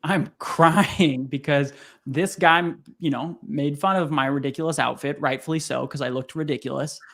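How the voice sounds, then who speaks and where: A man's voice: moderate pace, gravelly. A young man, a podcast guest, telling a personal story in casual conversation, acting out what people said in a raised voice. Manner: animated, acts out quotes in high voices. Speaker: podcast guest, sales coach.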